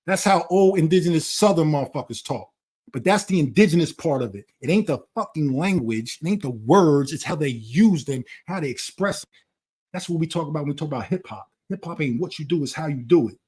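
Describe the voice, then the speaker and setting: A man's voice: fairly high pitch, animated, fast talker, darkish tone, slightly rough. A man talking in a blunt, profane, lecturing way during a casual conversation. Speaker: channel host.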